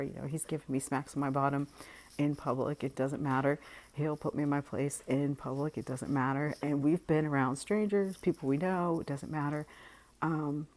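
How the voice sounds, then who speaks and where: A woman with a notably deep, low-pitched voice talks straight to her viewers in a casual monologue. She is frank and unhurried, often laughing and letting sentences trail off. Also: fairly even intonation, darkish tone. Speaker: vlogger.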